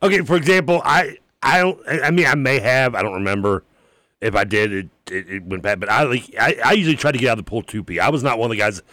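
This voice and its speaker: A man's voice: medium pitch, fast, pushed and bright, dry recording. A man co-hosting a radio show in casual banter, rambling through memories and often laughing. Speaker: sports radio co-host. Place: radio studio.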